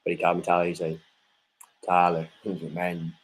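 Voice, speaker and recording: A man's voice: sits low, completely flat delivery, racing, slightly rough, poor audio. A man telling a personal story in a casual, rambling way, often adding "you know what I mean.".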